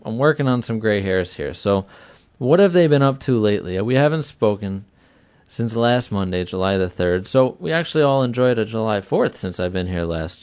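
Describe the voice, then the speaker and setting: A man in his thirties hosting a sports talk radio show, chatty and energetic, repeating himself for emphasis. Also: fairly low pitch, clear, resonant tone, no room sound. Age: 30s. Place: small web radio studio.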